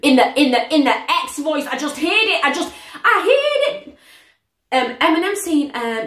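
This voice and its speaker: A woman reacting to a song, exclaiming often and pausing to repeat and explain the lyrics. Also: high-pitched, sing-song, a bit bright. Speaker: music reaction vlogger. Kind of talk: reacting to a song, casual commentary. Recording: echoey room.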